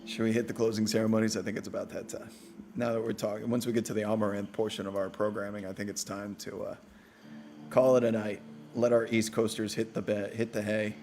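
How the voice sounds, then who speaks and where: A man's voice: lowish voice, little pitch movement, brisk, vocal fry, a little mellow, soft background music. A man hosting a casual live postgame show, bantering playfully with his audience and teasing himself. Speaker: podcast host.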